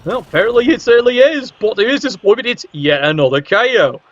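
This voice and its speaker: A man commentates on a video game match in a relaxed, chatty way, teasing the players as he goes. His voice sits fairly high, and the recording sounds dull and lo-fi. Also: quick pace.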